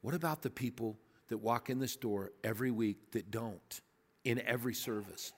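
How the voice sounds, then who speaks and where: A man's voice: medium pitch, moderate pace, husky, in a large hall. A man preaching a sermon as pastor, emphatic and conversational, telling stories to his congregation. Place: church sanctuary.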